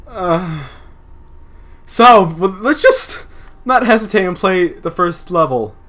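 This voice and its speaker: A man's voice: sits high, expressive, slow, a bit bright. A young man hosting a horror game let's play, talking nervously to himself and to the game. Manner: nervous, jittery, talks to the game. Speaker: gaming channel host.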